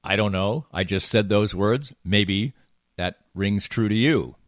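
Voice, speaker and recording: A man's voice: on the low side, unhurried, dry recording, studio quality. An older man from the Boston area with a faint Boston accent, a broadcaster reminiscing in a rambling podcast monologue from his home office. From Boston area, USA. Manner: reminiscing, rambling with frequent uh and restarts, quiet at times. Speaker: podcast host and play-by-play broadcaster. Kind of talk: personal reflective podcast monologue.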